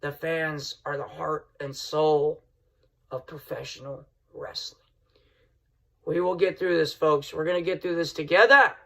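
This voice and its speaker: Guy with a gravelly voice ranting on his wrestling podcast, gets heated then mutters low. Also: fairly even intonation, measured pace, bright, forceful tone. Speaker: podcast host. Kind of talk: casual wrestling podcast rant.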